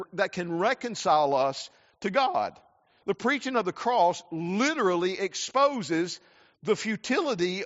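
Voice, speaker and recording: A pastor from South Carolina preaches earnestly in his church sanctuary, his voice high and a bit bright. He often repeats words as he restarts, and the muffled hall carries a long reverb.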